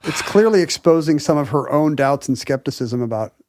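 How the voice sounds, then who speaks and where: A man co-hosting a podcast, reading the intro and joking with wry, deadpan humor. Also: fairly high pitch, a little fast, no room sound, studio quality. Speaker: podcast co-host. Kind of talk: casual chat and scripted intro.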